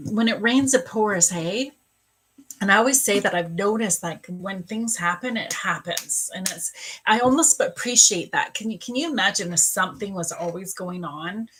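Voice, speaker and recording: A woman's voice: medium pitch, fairly bright tone, rough recording. A woman psychic medium talks straight to her viewers during a live reading. Her speech is gushing and heartfelt, and she drifts from thought to thought with plenty of fillers. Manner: effusive, emotional, rambling with fillers. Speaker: psychic medium and spiritual coach.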